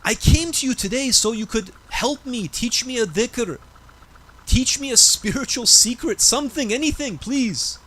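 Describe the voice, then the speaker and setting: A man's voice: high voice, very animated, normal speed, a bit bright, slightly rough, full character voice. A man preacher voicing a desperate young man who is facing ruin, pleading with urgency.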